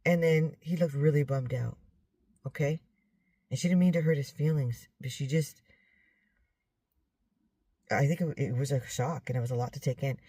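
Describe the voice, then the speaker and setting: A woman's voice: rumbling low, normal speed, long pauses, mellow, slightly rough, no room sound. A woman teaching from scripture and retelling a dream in a rambling way, often checking in with "okay?" and correcting herself. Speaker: Bible teacher.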